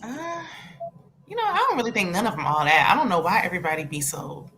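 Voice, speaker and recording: A woman's voice: on the low side, sing-song, fast, sharp tone, husky. A woman joining a casual live-stream chat remotely, speaking in an offhand, unimpressed way. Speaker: remote guest.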